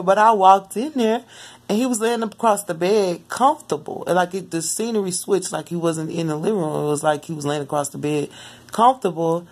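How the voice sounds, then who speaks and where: A mother telling the story of a dream in casual, rambling vlog talk, often jumping into lively quoted asides. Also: on the low side, fairly quick, breathy edge. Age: adult mother. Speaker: spiritual vlogger.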